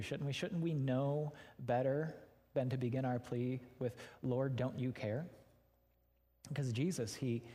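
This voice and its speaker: A man's voice: medium pitch, darkish tone. A man giving a sermon, speaking candidly and conversationally, turning often to address his listeners directly. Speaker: pastor. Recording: long reverb of a large hall.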